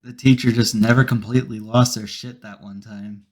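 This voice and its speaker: A man's voice: on the low side, steady tone, moderate pace, darkish tone. A man hosting a casual comedy podcast, rambling through stories and mock-serious rants with plenty of swearing. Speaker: podcast host. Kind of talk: casual chat.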